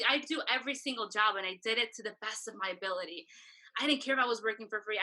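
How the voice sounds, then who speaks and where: A woman's voice: fairly high pitch, poor audio. A woman in her thirties, a photographer guest telling stories in a casual interview and acting out the exchanges she quotes. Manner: animated storyteller, acts out quoted exchanges.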